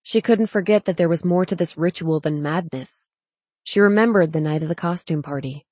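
A woman narrating a novel as an audiobook in a measured, steady way. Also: lowish voice, dry recording. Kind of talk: scripted narration.

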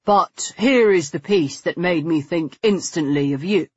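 Woman narrator doing a courteous, flirtatious gentleman, smooth and coaxing, slow and husky. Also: a little high, no echo, dull audio. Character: charming, flirtatious man, enthusiastic about antiquities.

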